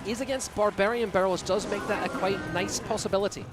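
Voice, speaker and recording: A man's voice: high voice, brisk, over loud music, natural voice. A man putting on a playful Scottish caster. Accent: put-on Scottish. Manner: excitable, playful, teasing. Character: man casting in a put-on Scottish accent. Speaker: esports caster. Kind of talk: live esports commentary.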